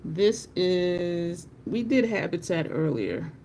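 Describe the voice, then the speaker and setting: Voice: mid-range voice, lively intonation, slow pace, dark tone, slight background noise. A beauty live-streamer in casual, chatty talk with viewers while swatching makeup, laughing often.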